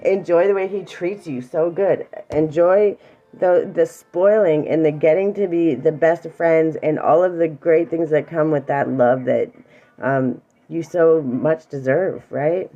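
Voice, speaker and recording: Low-voiced woman teacher, earnest and reassuring. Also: fairly even intonation, measured pace, narrow, tinny audio. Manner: warm, earnest and reassuring, speaks straight to one viewer; emotional, near tears at times. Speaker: emotional awareness teacher. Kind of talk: casual livestream talk to viewers.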